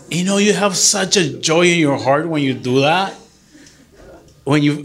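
A middle-aged man who is a deacon, giving an earnest, animated church talk to a group and mixing English with Spanish. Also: on the high side.

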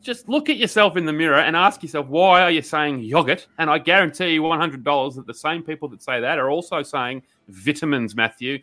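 A man's voice: a little high, fast talker, hardly any pauses, sharp tone. Sweary Australian man ranting. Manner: blunt, sweary, mock-outraged ranting. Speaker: podcast co-host. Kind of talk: ranting comedy segment.

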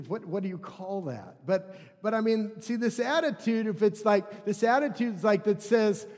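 A high-voiced man preaches to his congregation in an animated, conversational way, slipping in jokes as he goes. His voice carries a long reverb from the church hall around him. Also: moderate pace. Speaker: pastor. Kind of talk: sermon.

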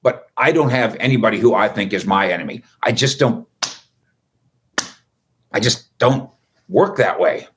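A man's voice: fairly low pitch, lively intonation, measured pace, pauses often, noisy background. A man hosting a casual sports recap, chatty and wisecracking with rambling asides. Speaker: sports reporter host.

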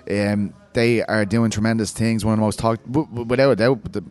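A man's voice: fairly low pitch, fairly even intonation, fairly quick, darkish tone. A man hosting a podcast, asking rambling, chatty questions. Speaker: podcast host. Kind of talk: casual interview chat.

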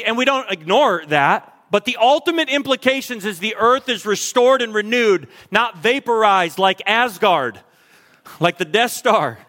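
High-voiced energetic preacher, reverberant church. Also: male voice. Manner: energetic, exclaiming and urging the congregation. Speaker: pastor. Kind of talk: sermon. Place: church sanctuary.

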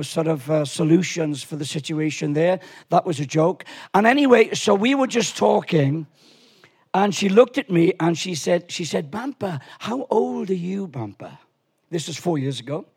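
A man's voice: fairly high pitch, a little mellow, breathy edge. A man in his sixties preaching to a congregation, chatty and joking as he tells a story, with frequent restarts. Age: 60s. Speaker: guest preacher. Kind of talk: sermon with storytelling. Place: church service in a tent.

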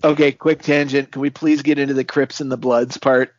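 A man's voice: medium pitch, little pitch movement, a little fast, darkish tone, no room sound. A man co-hosting a casual podcast, making sarcastic, mocking remarks. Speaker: podcast co-host. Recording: dry, dull lo-fi sound.

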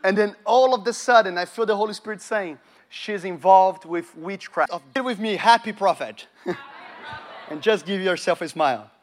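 Man, high voice, preacher, lively storytelling, acts out dialogue, talks to the congregation. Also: a little fast, a little hiss or hum. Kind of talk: sermon with testimony.

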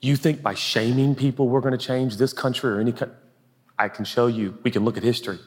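Husky-voiced man preaching in a hall. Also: medium pitch, steady tone, fairly quick. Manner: earnest, conversational preaching with sudden hushed asides. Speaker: pastor. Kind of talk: sermon. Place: large auditorium.

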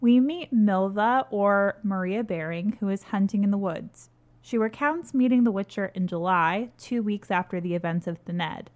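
A woman hosting a casual podcast, relaxed and playful as she explains and sums up book chapters. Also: medium pitch, normal speed. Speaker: podcast host. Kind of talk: casual chat, book summary.

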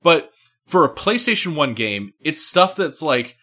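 A man co-hosting a casual podcast conversation, talking in an animated, emphatic way. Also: on the high side, measured pace. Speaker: podcast co-host. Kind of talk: casual chat.

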